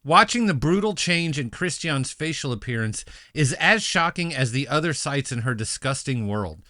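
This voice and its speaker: Dude co-hosting a movie podcast, bouncy bright voice, reads a review out loud with big reactions. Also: male voice, medium pitch, normal speed, no echo, studio quality. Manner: animated, emotional asides. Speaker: podcast co-host. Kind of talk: casual chat, reading a review aloud.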